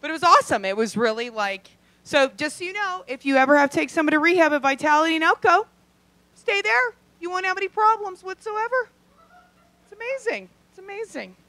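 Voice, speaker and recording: A woman doing a stand-up comedy set on a club stage into a handheld mic, brash and profane, with loud outbursts and acted-out quotes. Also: extremely high pitch, animated, fast talker, no echo.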